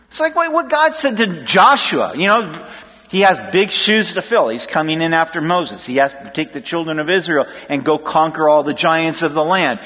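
A man preaching a lively sermon as pastor, laughing and acting out frightened voices. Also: high voice, in a large hall. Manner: animated, laughing, acts out scared voices.

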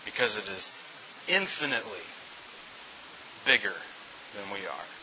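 A man's voice: lowish voice, animated, a little slow. A middle-aged man preaching a sermon as pastor, emphatic, often repeating words and restarting his phrases. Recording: dull lo-fi recording with faint hiss.

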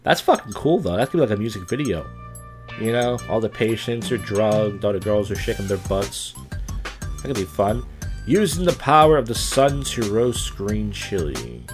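A man's voice: on the low side, big pitch swings, normal speed, faint music behind. A man live streaming, reading odd news headlines in a crude, rambling way with off-the-cuff jokes.

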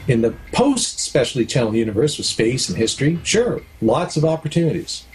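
With a little hiss or hum in the background, a middle-aged man from Canada talks fairly quickly, his medium-pitched voice swinging widely in pitch. He's a documentary producer and director being interviewed casually, speaking frankly and using anecdotes and analogies to explain himself.

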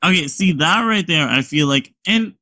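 A man's voice: on the high side, expressive, normal speed, pushed and bright, low-quality recording. A man co-hosting a casual gaming podcast, enthusiastic and full of fillers and swearing. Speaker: podcast co-host.

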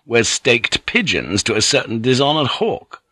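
A man's voice: medium pitch, big pitch swings, measured pace, bright, forceful tone, breathy edge, no room sound, studio quality, pitched above the performer's own voice, full character voice. A man reading an audiobook and voicing a hot-headed young samurai officer who speaks with heated bitterness. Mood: bitter.

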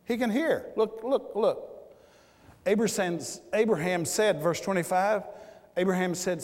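Fired-up preacher guy, kinda high voice, big echoey church hall. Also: normal speed. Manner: repeats words, shouts in bursts. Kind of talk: fiery sermon. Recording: church hall with long reverb.

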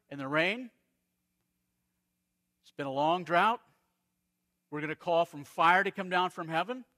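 Bright-voiced preacher man from Arizona. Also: high voice. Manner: storytelling preacher, dramatic pauses and swings in loudness. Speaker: pastor. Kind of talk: sermon.

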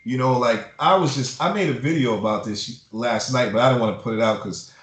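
A man talks through an interview in a room with an echo, his voice bouncing off the walls. He speaks bluntly and swears freely, getting heated as he rants in casual conversation. His pitch sits in a middle range. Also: fairly quick. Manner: blunt, profane, heated ranting. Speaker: music publisher. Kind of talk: casual advice talk in an interview. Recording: roomy echo.

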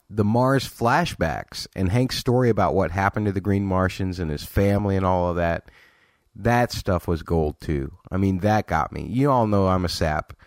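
A man's voice: low-pitched, no echo, clean studio sound. A man hosting a podcast, casually reviewing a TV episode in a chatty way, with frequent restarts and exasperated asides. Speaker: podcast host.

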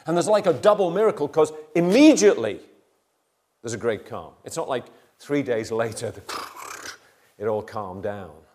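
An older man preaching a sermon, moving between quiet asides and loud, dramatic retellings. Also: mid-range voice, lively intonation, a little slow.

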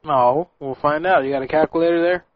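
A man hosting prank calls in a cheeky, goofy, deadpan way. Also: fairly high pitch, fairly quick, slight background noise. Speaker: prank show host. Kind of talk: casual chat. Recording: dull lo-fi sound with music.

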